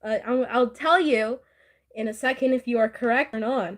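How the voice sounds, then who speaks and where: A woman's voice: on the high side, moderate pace. A woman in casual chat with a friend, giggling often, teasing and swearing casually.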